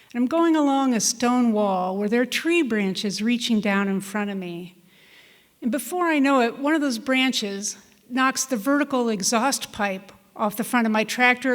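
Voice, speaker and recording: A woman farm manager telling a personal story on stage in a vivid, measured way. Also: fairly high pitch. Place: stage in a hall. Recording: long hall reverb.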